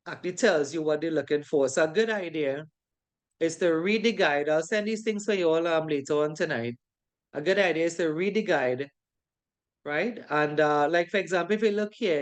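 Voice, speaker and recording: A course instructor giving an informal online class lecture. The instructor keeps checking in with a tag question and repeats key phrases for emphasis. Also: medium pitch. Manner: informal, conversational teaching.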